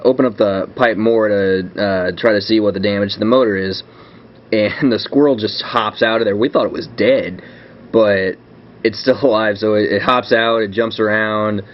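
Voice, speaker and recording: A man's voice: on the low side, fairly even intonation, normal speed. A young man casually telling a home story with lots of fillers and restarts. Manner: rambling, filler-heavy, self-correcting. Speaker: vlog host. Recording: dull lo-fi webcam audio with faint hiss.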